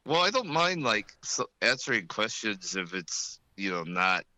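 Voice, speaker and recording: A rambling male guest with a low pitch and a sharp, bright edge to his voice. He talks in loose, self-deprecating run-ons full of fillers, and the sound is dry and close. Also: very animated, measured pace, no room sound. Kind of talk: casual chat. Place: at work.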